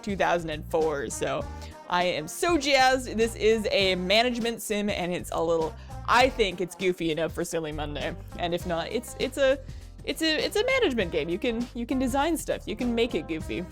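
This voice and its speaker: A woman narrating her own gameplay in a bubbly, giggly, self-mocking way. Her voice is mid-pitched and very lively in its ups and downs, with faint game music running behind. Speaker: game streamer. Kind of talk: let's play commentary.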